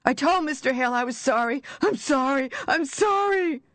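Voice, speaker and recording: A narrator voicing a terrified man trapped underground, with a raw, croaking voice, begging and apologizing. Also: extremely high pitch, expressive, slow, warm tone, no room sound, voice pushed up, heavily acted. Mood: panicked pleading. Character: terrified man buried alive, pleading. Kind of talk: audiobook character reading.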